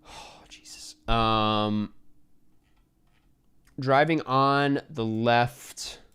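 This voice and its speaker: Guy streaming a guessing game, hypes himself up, swears a lot, mid pitch. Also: drawn-out words, clean tone. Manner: excitable, talks to himself while guessing, swears. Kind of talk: casual live gameplay chat.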